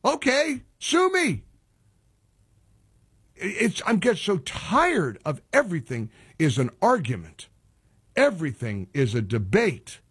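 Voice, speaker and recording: A man's voice: sits high, huge pitch swings, slow pace, long pauses, a bit bright, breathy edge, dry recording, clean studio sound. A man hosting a talk radio show, ranting in an exasperated, self-deprecating way. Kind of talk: opinionated radio monologue.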